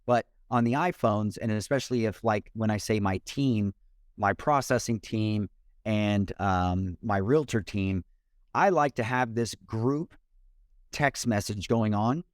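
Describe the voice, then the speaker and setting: A man, a mortgage loan officer and podcast guest, talking in an energetic, expressive way over a remote call. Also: lowish voice, measured pace, dry recording, clean studio sound. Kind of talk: casual interview talk.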